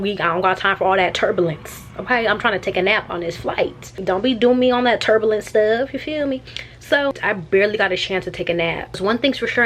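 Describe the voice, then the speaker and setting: Chatty, animated young woman vlogger. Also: medium pitch, slight background noise. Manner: animated and chatty, with slangy asides. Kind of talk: casual storytime vlog.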